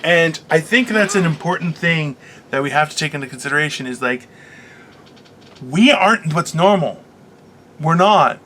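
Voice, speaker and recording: Bright-toned rambling male podcast host. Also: on the high side, animated, normal speed, long pauses, a little hiss or hum. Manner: rambling, filler-heavy storytelling; playful teasing banter. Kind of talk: casual comedic rant.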